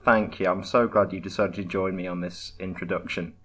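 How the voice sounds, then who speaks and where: A man's voice: low voice, steady tone, fairly quick, fairly bright tone. A man hosting a podcast in casual chat, playful and jokey. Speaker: podcast host.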